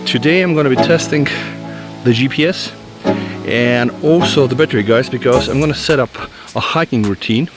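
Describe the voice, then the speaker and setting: A man's voice: mid-range voice, normal speed. Guy talking while hiking outdoors, a bit winded, chatty, keeps saying guys, faint music under it. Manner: chatty, addresses viewers as guys. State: out of breath from fast walking. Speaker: tech reviewer. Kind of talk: casual walk-and-talk review. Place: outdoors on a forest trail.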